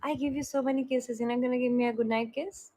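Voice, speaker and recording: A woman's voice: high-pitched, steady tone, quick pace, dark tone, rough recording. A young woman hosting a live stream, chatting affectionately with viewers and greeting them by name.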